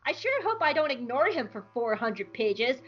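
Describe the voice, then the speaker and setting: A woman voicing a gushing male alien admiral in a parody recap, shouting and squealing. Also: a little high, very animated, normal speed, husky, lo-fi sound, heavily acted. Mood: giddy.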